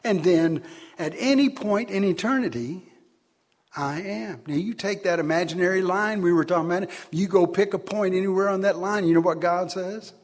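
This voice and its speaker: A man preaching a sermon, swinging between loud, emphatic declarations and quiet asides. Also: sits high, moderate pace.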